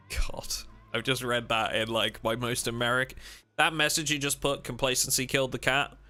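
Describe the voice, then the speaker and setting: A man's voice: medium pitch, measured pace, pushed and bright. A man chatting casually and jokily with viewers while playing a game on a livestream. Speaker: streamer.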